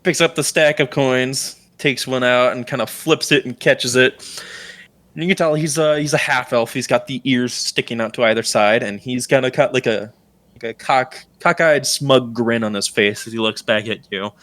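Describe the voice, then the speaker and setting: A man's voice: medium pitch, normal speed, fairly bright tone. A man narrating a tabletop game as dungeon master, in a casual, rambling way full of fillers.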